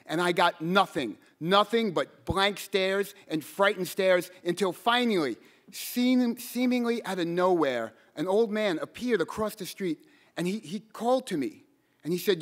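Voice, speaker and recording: On stage in front of a live audience, a high-pitched man tells a personal story earnestly and haltingly. He repeats words as he goes and breaks into shouts whenever he quotes himself.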